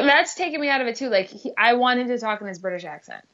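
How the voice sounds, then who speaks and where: A woman's voice: a little high, expressive, fast, fairly bright tone, highs cut off. A woman co-hosting a casual chat about movie trailers, hesitant and full of fillers. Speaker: co-host reacting to movie trailers.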